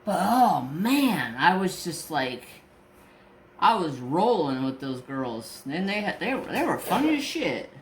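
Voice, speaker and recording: Lively, cussing man telling a story. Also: a little high, a little slow, roomy sound, a little hiss or hum. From Northern California. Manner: animated, swears freely, repeats and restarts words. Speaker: crafting channel host. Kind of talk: casual storytelling chat.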